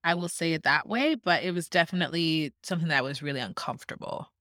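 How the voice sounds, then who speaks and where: A woman's voice: sits low, fast, fairly bright tone, no room sound, clean studio sound. A woman co-hosting a podcast, recapping a reality show in chatty casual talk and acting out what people said. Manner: chatty storytelling, acting out quotes. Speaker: podcast co-host.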